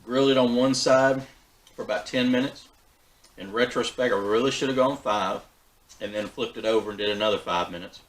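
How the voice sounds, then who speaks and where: A man hosting a backyard barbecue vlog, talking in a relaxed, folksy way with fillers and restarts. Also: mid-range voice, brisk, low-quality recording. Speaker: backyard BBQ channel host. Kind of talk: casual cooking vlog.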